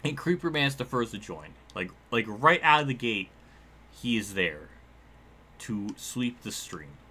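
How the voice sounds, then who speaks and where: A young man casually talking through a racing game livestream, excitable, laughing often and quick to swear. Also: medium pitch, slight background noise.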